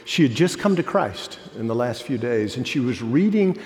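A man preaching a sermon as pastor, telling a story, then building to impassioned emphasis before dropping soft. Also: mid-range voice, sing-song, moderate pace. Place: church sanctuary. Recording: long hall reverb.

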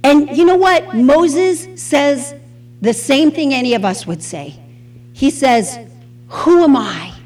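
A middle-aged woman with a Southern US accent teaches a Bible lesson. Her voice sits high and swings widely in pitch. She takes her time, and she acts out every quote she tells. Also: expressive, slow, a little mellow, faint music behind. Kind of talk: sermon.

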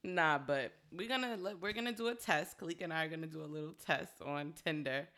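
A young woman co-hosting a podcast in casual chat, animated and laughing often as she acts out stories. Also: sits low, fast. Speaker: podcast co-host.

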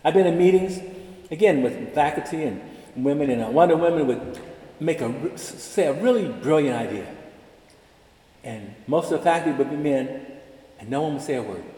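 Lively older man speaking in an echoing chapel. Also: a little high, a little fast, long pauses. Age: about 70. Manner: animated storyteller, acts out dialogue. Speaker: convocation speaker. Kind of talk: ceremonial address with personal stories. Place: large chapel. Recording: echoey chapel with long reverb.

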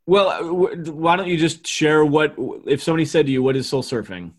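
A man's voice: fairly high pitch, brisk. A man hosts a casual podcast interview. He asks short, easygoing questions and keeps things moving. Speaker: podcast host.

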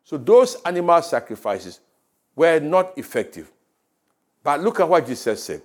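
A man with a Ghanaian English accent preaching a sermon, with rising emphasis and quiet drops. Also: on the high side, big pitch swings, moderate pace. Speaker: pastor. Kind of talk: radio sermon. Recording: radio broadcast.

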